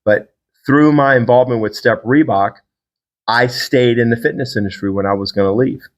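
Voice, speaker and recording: A middle-aged man hosting a podcast, telling a personal faith story in a casual, animated way and acting out the people he quotes. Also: moderate pace. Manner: animated storyteller, acts out quotes with big pitch jumps. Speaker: podcast host.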